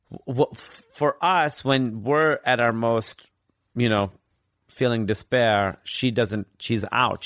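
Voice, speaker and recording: A man's voice: medium pitch, a bit bright, no room sound, clean studio sound. A man candidly telling a personal story as a guest in a conversation, rambling and swearing casually.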